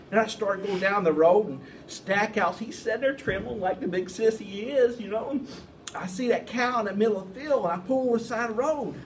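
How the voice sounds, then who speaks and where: A man telling a folksy, animated anecdote in a casual way. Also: high voice, fairly quick, far from the mic, slight background noise, rough recording. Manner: folksy, animated yarn-spinning. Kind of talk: anecdotal storytelling.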